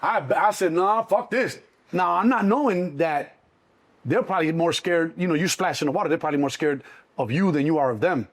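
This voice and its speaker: A middle-aged man with a Chicago accent, telling a story in an interview, animated and swearing freely, acting out the other voices. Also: fairly high pitch, brisk. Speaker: interview guest. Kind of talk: casual storytelling.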